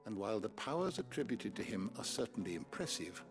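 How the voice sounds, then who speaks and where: An actor playing a courteous, learned male lawsman in a video game, speaking in a measured, formal way. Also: fairly low pitch, sing-song. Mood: thoughtful. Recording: video game audio with music.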